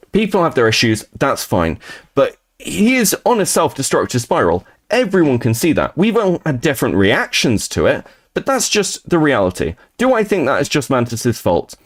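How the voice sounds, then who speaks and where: A man streaming live, ranting casually and profanely about online drama. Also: fairly high pitch.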